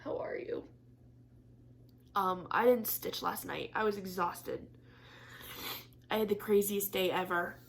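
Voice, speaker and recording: A woman's voice: medium pitch, unhurried, creaky, a little hiss or hum. A young woman chatting candidly to camera in a craft vlog, swearing casually and laughing often, teary and disappointed. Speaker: craft vlogger.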